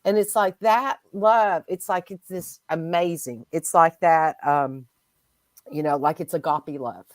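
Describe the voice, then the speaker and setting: A woman hosting a casual spiritual chat, speaking in a gentle, reflective and heartfelt way. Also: low-pitched, a little slow, no echo. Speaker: host.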